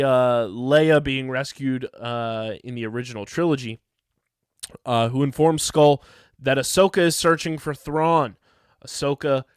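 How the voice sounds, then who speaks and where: A man's voice: a little high, dry recording, clean studio sound. Tired but upbeat male podcast host. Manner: energetic, enthusiastic, fast ad reads. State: tired, yawning late at night. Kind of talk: podcast review and ad reads.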